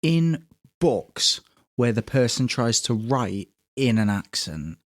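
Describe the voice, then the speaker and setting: Groaning, animated podcast man. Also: medium pitch, slow pace. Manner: groaning, exasperated and playful, swears freely. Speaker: podcast co-host. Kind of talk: casual podcast chat.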